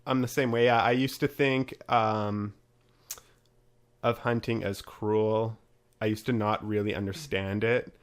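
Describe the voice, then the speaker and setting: A man's voice: on the low side, little pitch movement, measured pace, clean tone. A man hosting a casual podcast, chatty and upbeat as he runs through promos and talks with his guest. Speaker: podcast host.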